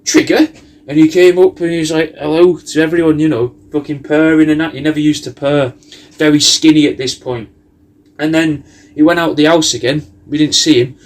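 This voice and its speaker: A man's voice: a little high, steady tone, a little fast. A man delivering a rambling, sweary comic monologue full of absurd tangents and slang, as a personalised video message.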